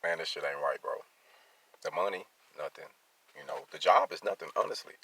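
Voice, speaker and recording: Deep voiced guy ranting on his vlog, mad and cussing, blunt as hell. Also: a little fast, vocal fry, fairly bright tone, husky. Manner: blunt, profane, heated street talk. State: angry. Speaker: traveling field welder. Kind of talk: venting vlog monologue.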